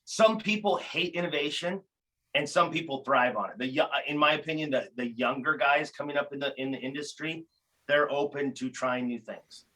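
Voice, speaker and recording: A man talking casually as a podcast guest, telling animated stories with frequent restarts. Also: fairly high pitch, moderate pace, poor audio. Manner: animated storyteller, many restarts. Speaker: guest, tool company founder.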